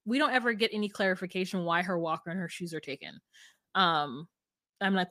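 A woman's voice: fairly low pitch, brisk, no room sound, clean studio sound. A woman co-hosting a podcast, recapping a show in casual chat and acting out what people said. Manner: animated storyteller acting out quotes. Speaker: podcast co-host.

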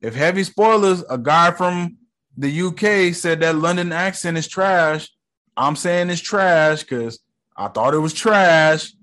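A man's voice: a little high, a little slow, a bit bright. Laid-back slangy American podcast guy. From United States. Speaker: podcast host. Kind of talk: casual solo podcast review.

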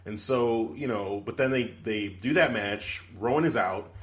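A man's voice: on the low side, normal speed. A man co-hosting a podcast, chatting casually and rambling with many fillers. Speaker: podcast co-host. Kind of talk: casual chat.

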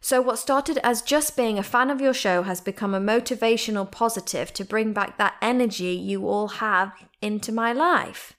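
A woman's voice: on the high side, moderate pace, few pauses. British woman, podcast host, bubbly and giggly, casual email reading. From Britain. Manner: bubbly, giggly, reads emails aloud with lively asides. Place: at home.

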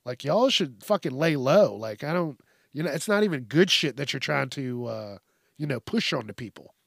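A man's voice: mid-range voice, lively intonation, moderate pace, vocal fry, a bit bright, no room sound, studio quality. A man hosting his own podcast, ranting in a blunt, profane, rambling way. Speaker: podcast host. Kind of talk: casual monologue.

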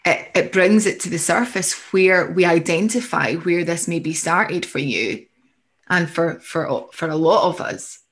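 A woman's voice: lowish voice, measured pace, slightly rough. Reassuring woman coach. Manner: reassuring, reflective, voices inner thoughts. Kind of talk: coaching conversation.

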